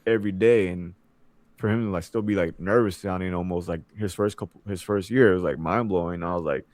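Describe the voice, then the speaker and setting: Young male co-host, low voice, dry close sound, loose filler-heavy sports banter. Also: fairly quick, darkish tone, no echo. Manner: loose and rambling, filler-heavy, mimics announcers. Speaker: podcast co-host. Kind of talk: casual sports chat.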